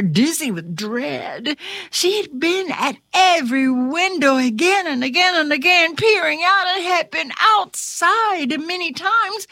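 A woman reading a fairy tale aloud, expressive and drawn out, close to the mic. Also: high voice, no room sound. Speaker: storyteller. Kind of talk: storybook narration.

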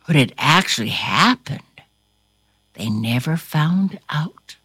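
A storybook reader performs a tale aloud for a listener, dramatic and theatrical, dropping into whispers and bursting into exclamations. Her deep voice is animated, slow, fairly bright and slightly breathy, recorded with studio quality and no echo.

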